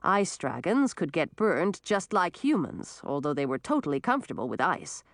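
Expressive woman reading a storybook. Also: deep voice, normal speed, no room sound, clean studio sound. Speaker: audiobook narrator. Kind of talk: storybook narration.

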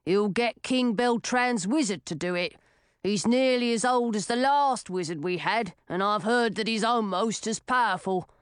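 Brief: a woman playing a gruff man, slow and weighty, smooth clear tone, dry storybook read. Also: a little high, dry recording, lightly acted. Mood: grumbling. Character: gruff grown man by a campfire.

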